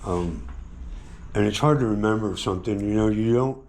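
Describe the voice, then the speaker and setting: An American man, a motorcycle travel vlogger, talking in a rambling, halting way with lots of swearing and repeated words, sore and shaken after a beating, in a hotel room. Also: on the low side, gravelly, a little mellow, slight background noise. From United States. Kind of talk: casual vlog monologue.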